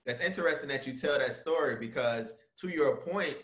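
A man hosting a webinar, chatting casually and getting animated as he builds his point. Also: on the high side, normal speed. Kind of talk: casual discussion. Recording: roomy video call audio.

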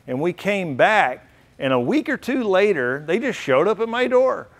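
A man's voice: high voice, very animated, moderate pace. A middle-aged man giving an earnest, heartfelt storytelling speech at a banquet. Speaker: banquet speaker. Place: banquet hall.

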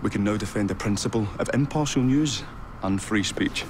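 An actor playing a polite, earnest Victorian inventor in a video game, formal and a little hesitant, with street noise behind. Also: male voice, fairly low pitch, moderate pace, natural voice. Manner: formal, courteous, slightly hesitant.

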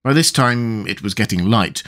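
A man narrating a classic children's novel as an audiobook, measured and expressive. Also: on the low side.

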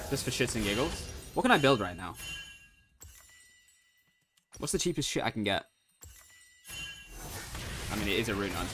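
Foul-mouthed young man calling his game. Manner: swears freely, jumps between chat and play-by-play; bursts into excited high outbursts. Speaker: gamer streaming ranked play. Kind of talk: casual gameplay commentary.

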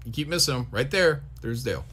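A man co-hosting a casual comic review stream, trading jokes and quick asides. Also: medium pitch, expressive, crowd noise. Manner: joking banter, quick asides. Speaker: co-host. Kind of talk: casual chat on a livestream.

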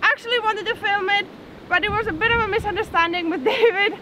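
A woman's voice: very high-pitched, quick pace, pushed and bright, poor audio. A woman in her twenties vlogging outdoors on a snowy farm, chatty and upbeat, raising her voice over strong wind. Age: 20s. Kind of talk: casual vlog talk to camera. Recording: wind noise on camera mic. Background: wind noise.

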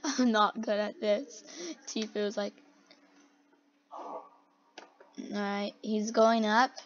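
Young female gamer, excitable, slow-paced reaction commentary, slightly high voice, dull lo-fi sound. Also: slight background noise. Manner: excitable, gasping, giggly. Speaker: video reactor. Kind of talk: try-not-to-laugh reaction commentary.

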